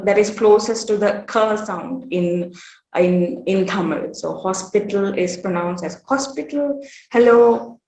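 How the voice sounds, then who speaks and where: A woman giving an academic workshop presentation at a conference. She speaks in a measured way, often pausing on "uh" and "um". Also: medium pitch, darkish tone. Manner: measured, with frequent "uh" pauses. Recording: roomy echo.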